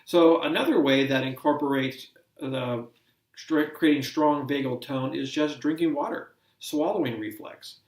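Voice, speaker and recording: A man giving a measured, explanatory lecture as an instructor. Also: mid-range voice, a little mellow. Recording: roomy sound from a distant mic.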